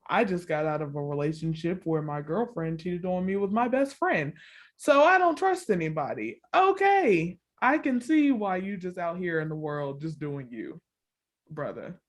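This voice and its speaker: Woman podcast co-host, casual storyteller, laughs a lot, acts out the quotes. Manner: animated storytelling, acts out quotes with big pitch jumps; laughs often, fills with "like" and "all the things". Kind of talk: casual chat recapping a reality show.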